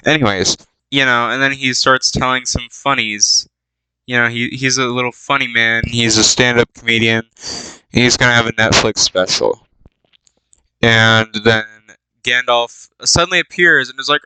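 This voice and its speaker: A man's voice: medium pitch, fairly even intonation, a little slow, long pauses, bright, forceful tone, smooth, no echo, rough recording. A man giving a meandering, flippant comic retelling, full of asides and fillers. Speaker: YouTube spoof narrator.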